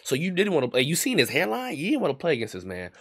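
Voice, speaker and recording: A young man giving casual running commentary over a football video game, trash-talking and yelling when heated. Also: fairly high pitch, huge pitch swings, fast talker, no room sound, studio quality. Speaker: gaming YouTuber. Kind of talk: live gameplay commentary.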